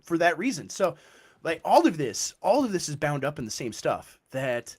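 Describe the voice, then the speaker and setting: A man leads a casual theological conversation. His pitch rises and falls freely as he builds each point, and he keeps checking in with a quick "right?". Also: breathy edge. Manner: animated, explains with frequent "right?" checks.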